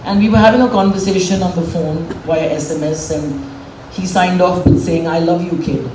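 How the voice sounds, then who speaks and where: A woman's voice: fairly low pitch, steady tone, normal speed, dark tone, slight background noise. Candid woman speaking in a hall. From India. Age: middle-aged. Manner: candid, emotional storytelling. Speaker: guest speaker at an event. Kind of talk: public speech. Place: event hall, on a dais. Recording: roomy hall from far off.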